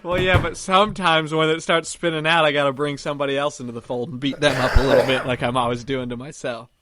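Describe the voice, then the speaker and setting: A man's voice: on the high side, steady tone, fast, a bit bright. A young man co-hosting a podcast, telling rambling stories and laughing at his own jokes, recording from his camper. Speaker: podcast co-host. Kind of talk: casual chat.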